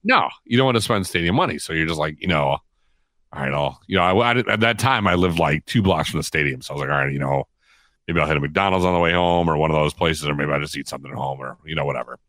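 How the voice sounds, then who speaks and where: Deep-voiced man telling a story. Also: fast talker, dry recording. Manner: animated, laughing, acts out quotes. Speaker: guest storyteller. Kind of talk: casual storytelling.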